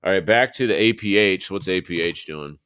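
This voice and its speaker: A man in his thirties hosts a live market show from Texas, talking loosely through charts with fillers and casual swearing. His voice sits low and comes across smooth and clear. The sound is dry and close, with no room echo. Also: moderate pace, a bit bright. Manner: loose and profane, thinking aloud with fillers. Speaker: market analysis host.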